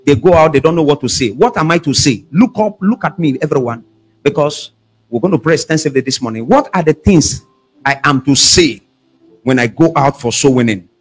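A man preaching a sermon as pastor, calling out questions for the congregation to answer and shouting at the peaks. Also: fairly high pitch, expressive, fairly quick, breathy edge.

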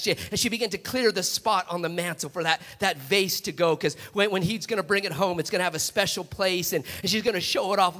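A male preacher delivering an animated sermon, his voice high and bright. He often restarts his phrases as he tells his story, and the long reverb of a large church sanctuary hangs on every word. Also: a little fast.

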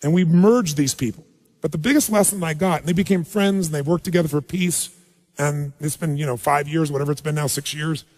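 A man with a notably high-pitched voice leads a live motivational seminar, pressing the crowd with direct questions and calls to raise their hands. His voice carries a long reverberant tail from the large hall he speaks in. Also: brisk, darkish tone. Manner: rousing, quizzes the audience directly. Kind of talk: live stage seminar talk.

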